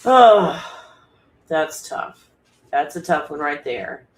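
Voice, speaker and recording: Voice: medium pitch, sing-song, slow. A live-stream host in a home room talking casually, blunt and profane, often laughing and getting worked up. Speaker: livestream host. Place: home room with a dog nearby. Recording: echoey room.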